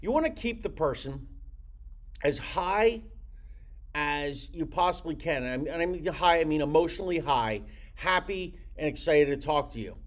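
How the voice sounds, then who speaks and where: A middle-aged man coaches real estate agents on prospecting calls, his pitch rising and falling in lively swoops. His voice sits a little high for a man. He slips into little acted phone dialogues to make his points. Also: moderate pace. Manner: animated, acts out phone calls with different voices. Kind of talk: teaching sales technique.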